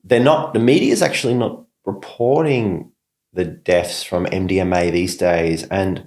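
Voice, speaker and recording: Low-voiced host, roomy sound. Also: male voice, a little slow. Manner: quiet listener, frequent murmured agreement. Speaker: podcast host. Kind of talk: casual interview chat. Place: studio.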